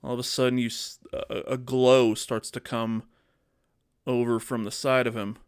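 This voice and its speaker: A man co-hosting a casual comedy podcast, excitedly pitching a movie plot and acting out character lines as he goes. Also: normal speed, clear, resonant tone. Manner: animated storytelling, acts out character lines. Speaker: podcast co-host.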